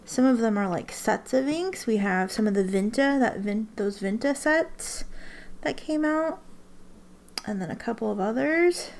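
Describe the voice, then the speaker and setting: Chatty woman with a gravelly edge. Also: fairly high pitch, animated, measured pace, a little mellow. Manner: chatty, rambling, many restarts and ums. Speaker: ink swatching vlogger. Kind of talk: casual chat to camera.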